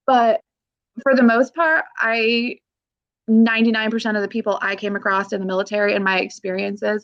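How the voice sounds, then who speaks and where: A woman's voice: medium pitch, a bit bright. Frank, emotional woman veteran, muffled audio. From Pacific Northwest, USA. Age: 30s. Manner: frank and emotional, swears casually, laughs often. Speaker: army veteran guest. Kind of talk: candid podcast interview.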